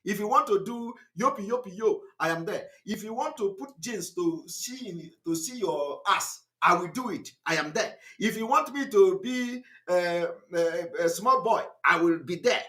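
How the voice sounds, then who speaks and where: Broadcasting live online, an activist with a Nigerian accent speaks in a high, bright, expressive voice with wide pitch swings. He talks at a moderate pace with few pauses, defiantly and emphatically repeating his points.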